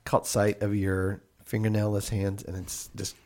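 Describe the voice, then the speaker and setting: A man playing an earnest, awkward podcast host in hell, hesitant and quick to get choked up, in an improvised comedy podcast. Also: fairly low pitch, completely flat delivery, darkish tone.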